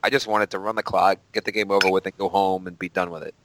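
A man's voice: sits low, little pitch movement, fast, background noise. A man co-hosting a casual sports podcast, venting with casual swearing. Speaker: podcast co-host.

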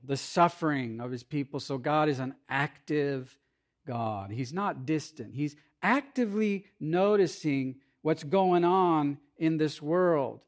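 Conversational male pastor preaching a sermon. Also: fairly high pitch. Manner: conversational preaching with playful asides and acted-out quotes.

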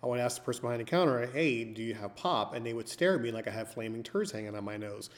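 A man's voice: mid-range voice, animated, racing. A man from the northern US with a stutter, a podcast co-host who tells jokey stories in casual chat. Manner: joking, storytelling.

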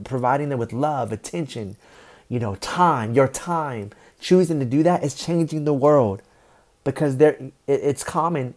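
Earnest man with a mellow, dark voice. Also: fairly high pitch. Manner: earnest, repetitive, many restarts and throat-clearing. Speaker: motivational speaker. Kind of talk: unscripted faith-based encouragement.

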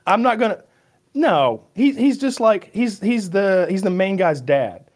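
A man with a somewhat high voice co-hosts a casual podcast. He rambles excitably and swears freely, gushing as he goes. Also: measured pace. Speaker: podcast co-host.

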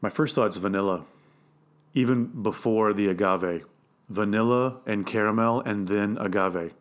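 A man's voice: on the low side, measured pace. A man co-hosting a podcast, chatting casually and explaining things in detail. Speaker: podcast co-host. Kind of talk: casual tasting chat.

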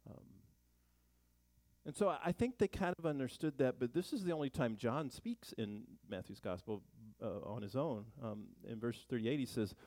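A man's voice: medium pitch, animated, normal speed, darkish tone, dry recording. A man teaching a Bible study in a chatty sermon style, full of joking asides and rhetorical questions.

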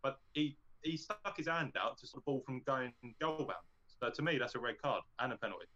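A man's voice: medium pitch, animated, fairly quick, bright, forceful tone. A man chatting about football, blunt and sweary with many restarts. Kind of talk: casual football chat. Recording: muffled lo-fi mic.

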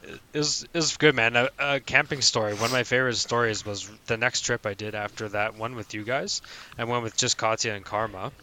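A man hosting a casual podcast chat with friends, telling animated stories and acting out other people's lines. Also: medium pitch, fairly quick. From Canada. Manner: animated storyteller, acts out voices in anecdotes. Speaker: podcast host.

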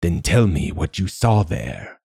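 Man doing a rasping machine god, deep voice, husky, slow and quiet, storybook. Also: very animated, no echo, studio quality, full character voice. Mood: solemn. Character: ancient rasping machine god, calm, secretive. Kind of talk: audiobook narration.

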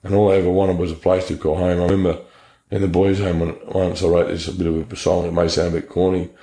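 Australian man, low gravelly voice, warm dark tone, echoey room, blunt testimony. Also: flat delivery, quick pace. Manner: blunt, earnest storytelling with slang. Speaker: interview guest. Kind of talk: personal testimony.

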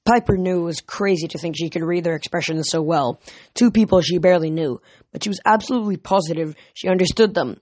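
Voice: mid-range voice, fast talker, darkish tone, dry recording. Audiobook reader with a dry, close sound. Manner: plain reading with small slips and self-corrections. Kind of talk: audiobook narration.

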